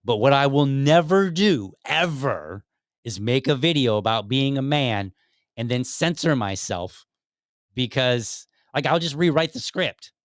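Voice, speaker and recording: A man's voice: medium pitch, expressive, measured pace, dry recording, studio quality. A man hosting his own podcast, rambling casually with many fillers and restarts. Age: young adult to middle-aged father. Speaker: podcast host. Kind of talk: casual commentary.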